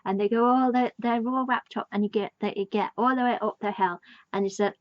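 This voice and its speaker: A woman's voice: on the high side, fairly even intonation, fairly quick, dry recording, dull audio. A woman giving a casual, rambling, enthusiastic fan review of a TV episode. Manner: rambling, enthusiastic, many fillers. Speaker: TV show reviewer.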